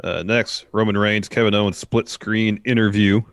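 A man co-hosting a wrestling podcast, calmly recapping events in casual chat. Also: on the low side, moderate pace, no room sound, studio quality. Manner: relaxed, reads out recap of events.

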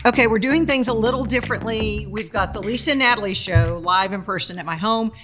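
A woman's voice: mid-range voice, music in the background. Chatty woman hosting at home. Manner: chatty, quick asides, laughs easily. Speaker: podcast host. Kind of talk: casual chat and read sponsor spot. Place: home with small audience.

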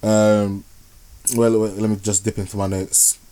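A man's voice: fairly low pitch, level tone, measured pace, warm tone. A man hosting a podcast, casually reviewing films in a slangy, rambling way. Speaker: podcast host. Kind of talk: casual film review chat.

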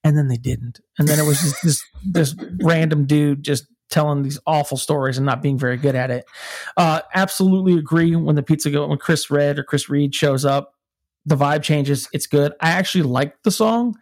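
A man's voice: fairly high pitch, moderate pace, darkish tone, no echo. A man co-hosting a podcast in casual chat, rambling with many fillers. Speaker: podcast co-host.

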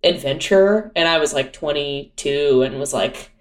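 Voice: medium pitch, unhurried. A young adult touring performer chatting casually, full of fillers and self-mocking asides. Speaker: touring musician-comedian, guest. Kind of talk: casual chat.

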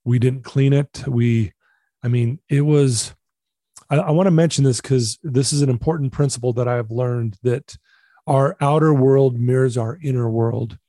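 A man's voice: medium pitch, moderate pace, dark tone, no room sound, studio quality. A middle-aged man, a guest in a conversation, earnestly telling a personal story and repeating himself for emphasis.

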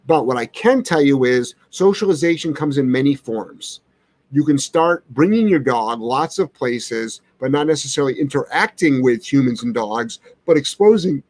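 A man's voice: mid-range voice, lively intonation, normal speed, darkish tone, no echo. A man who trains dogs, hosting a live question-and-answer stream, talking in a blunt, brash and sarcastic way. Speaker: dog trainer, show host.

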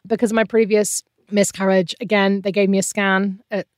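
A woman's voice: medium pitch, little pitch movement, moderate pace, no echo. Middle-aged woman, interview guest, candid and emotional storytelling, close and dry sound. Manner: emotional, candid, often trailing off. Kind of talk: personal storytelling in conversation.

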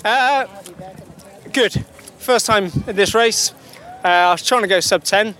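A man's voice: high voice, a little slow, sharp tone. A man from England, a race finisher, cheerful and chirpy outdoors.

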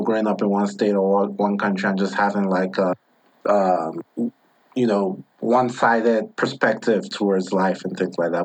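A man hosting a casual podcast interview, asking questions in a relaxed, conversational way with fillers. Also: on the low side, breathy edge, low-quality recording. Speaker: podcast host.

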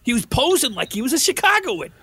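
A man's voice: very high voice, very animated, quick pace, sharp tone, slight background noise, voice pushed up, exaggerated voice. A man improvising a rambling, sheepish Chicago man who stammers and trails off. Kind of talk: improv comedy scene.

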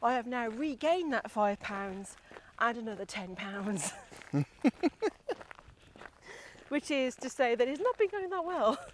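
A woman's voice: a little high, big pitch swings, slow, pauses often, a little hiss or hum. A woman podcast co-host chatting casually and self-mockingly while walking in the countryside. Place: outdoors, countryside walk.

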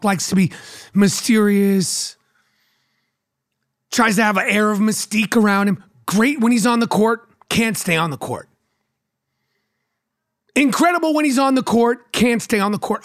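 A middle-aged man with a New York accent, hosting a podcast and delivering a brash, profane, mocking solo rant. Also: high voice. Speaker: podcast host.

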